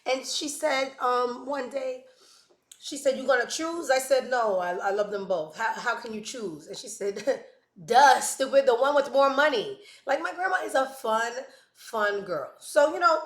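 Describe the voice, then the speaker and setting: A woman's voice: a little high, expressive, measured pace, a bit bright. A young woman hosting a casual gossip chat show, sassy and playful with lots of slang. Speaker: podcast host. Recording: echoey room.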